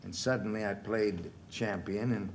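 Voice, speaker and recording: A man in his sixties, a guest on a television talk show, telling animated anecdotes and laughing through the punchlines. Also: lowish voice, moderate pace, a little hiss or hum. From United States. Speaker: guest actor. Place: television studio.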